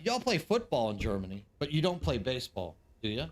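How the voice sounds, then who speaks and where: A man's voice: medium pitch, wildly swooping pitch, fairly quick, a little hiss or hum. A man in his forties, a game streamer, rambling in casual live-stream chat and talking straight to his viewers.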